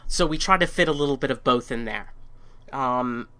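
A man's voice: mid-range voice, moderate pace, sharp tone, smooth. A man on a podcast, chatting casually and telling stories with plenty of ums and restarts. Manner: chatty storyteller with many fillers and restarts. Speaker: podcast co-host.

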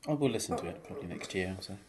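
A man co-hosting a casual podcast chat, tossing in quick, teasing quips. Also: sits low, expressive, a crowd in the background.

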